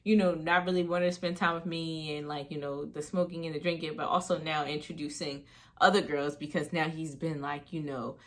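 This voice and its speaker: A woman's voice: low voice, steady tone, fairly quick, a bit bright. A young woman vlogger telling a personal story in a casual, chatty way, full of fillers. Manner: casual and chatty, full of fillers like "you know what I mean". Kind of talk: storytime vlog.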